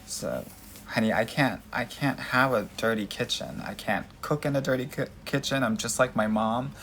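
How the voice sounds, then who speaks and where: A man's voice: mid-range voice, normal speed, fairly bright tone, a little hiss or hum. A man hosting a live dating Q&A, answering viewer comments in a sassy, emphatic way and calling his audience girl and honey. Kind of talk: casual livestream chat answering viewer comments.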